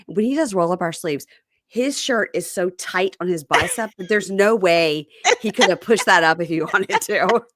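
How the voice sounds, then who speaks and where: A woman hosting a casual chat, retelling reality TV scenes with quick mock voices and lots of "so, um". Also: fairly low pitch, animated, fairly bright tone, no echo, studio quality. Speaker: podcast host.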